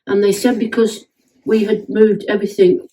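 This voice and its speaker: Woman, homeowner, chatty and enthusiastic, mellow tone, slightly husky, indoors at home. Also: medium pitch, little pitch movement, moderate pace, low-quality recording. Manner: chatty, enthusiastic, restarts often. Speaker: homeowner giving a testimonial. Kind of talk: casual chat.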